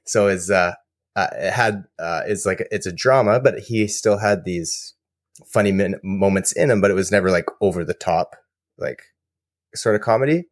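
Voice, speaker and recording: A man co-hosting a podcast, telling rambling, animated stories in casual chat. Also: low voice, normal speed, no echo, clean studio sound. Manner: rambling, animated storyteller with fillers. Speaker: podcast co-host.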